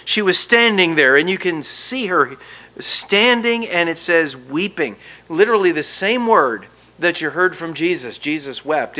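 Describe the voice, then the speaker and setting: Preacher guy teaching a bible chapter, bright voice a bit high, goes loud then nearly whispers. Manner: expressive, swings from emphatic to hushed. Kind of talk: sermon.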